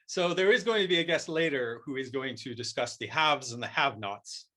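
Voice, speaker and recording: A man voicing a solemn martial arts master who lectures in a quiet, deliberate way. The voice itself is bright and pointed, and the delivery stays mock-serious and unhurried. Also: medium pitch, expressive. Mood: lecturing. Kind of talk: improvised comic role-play.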